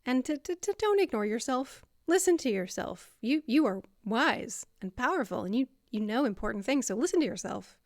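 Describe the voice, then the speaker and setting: A woman talks to camera in a chatty, explanatory way, with plenty of fillers and asides. Her voice sits a bit high, and the recording is close and dry, with no room sound. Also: sing-song, moderate pace, hardly any pauses, no echo. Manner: conversational, lots of fillers, acts out voices. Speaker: video host explaining self-compassion. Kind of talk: casual explanatory talk to camera.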